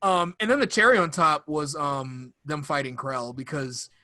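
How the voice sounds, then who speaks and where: Excitable young man on a dry mic. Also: a little high, moderate pace, no echo. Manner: enthusiastic, rambling, acts out quotes. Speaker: podcast co-host. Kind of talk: casual fan chat.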